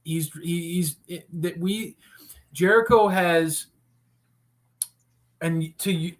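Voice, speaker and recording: A man's voice: fairly high pitch, slow. A man co-hosting a wrestling recap show in casual chat, talking enthusiastically and rambling with frequent restarts.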